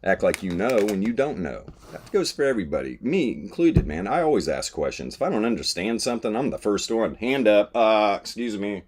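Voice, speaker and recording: Deep-voiced guy chatting loosely on a trading stream, laughs at his own stories. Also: very animated, fairly quick, few pauses, darkish tone, breathy edge. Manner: laid-back, swears, laughs while telling stories. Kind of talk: casual live-stream chat.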